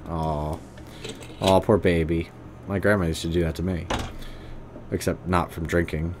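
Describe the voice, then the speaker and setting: A man's voice: low-pitched, little pitch movement, a little slow, pauses often, a little mellow, slight background noise. A man streaming a game, reading its text and adding sarcastic, casual remarks. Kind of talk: game let's play commentary and reading.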